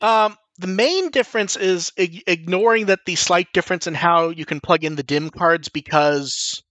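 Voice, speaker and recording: A man's voice: sits high, normal speed, a bit bright, no room sound. A man co-hosting a casual podcast, reading out listener questions and answering them in a rambling, self-correcting way.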